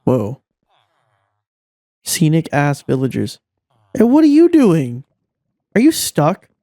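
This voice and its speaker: Mellow-voiced gamer ranting at villagers, swears a ton, dry sound. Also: huge pitch swings, slow pace, no echo. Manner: exasperated, swears a lot, scolds game characters, voice jumps high when frustrated. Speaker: gameplay commentator. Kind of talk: casual gameplay commentary.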